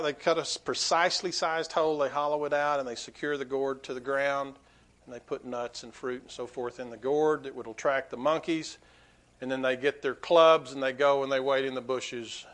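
A man preaching a sermon to his congregation, swinging between quiet asides and loud, emphatic peaks. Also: medium pitch, moderate pace. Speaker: pastor.

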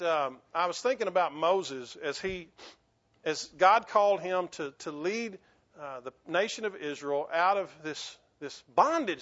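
A pastor with a twang delivers an earnest sermon in a notably high voice, circling back over his words before pushing into emphatic bursts. The recording sounds dull and somewhat lo-fi. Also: fairly bright tone. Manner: earnest, repetitive restarts, rising to emphatic bursts.

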